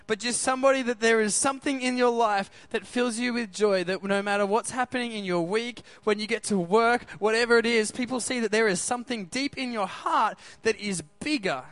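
A man's voice: high-pitched, fairly bright tone, no echo. A man preaching a sermon in an upbeat way, often asking the crowd questions.

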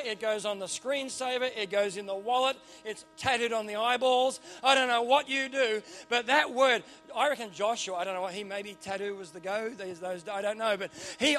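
A middle-aged Australian man preaching a sermon in a church, animated and joking with punchy repeated phrases. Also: extremely high pitch. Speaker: pastor.

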